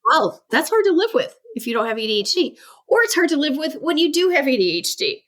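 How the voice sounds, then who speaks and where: A woman guest expert on a parenting interview, talking in a lively way, often laughing and acting out the voices of people she quotes. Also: sits high, quick pace. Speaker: guest expert, ADHD coach. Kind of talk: animated interview talk.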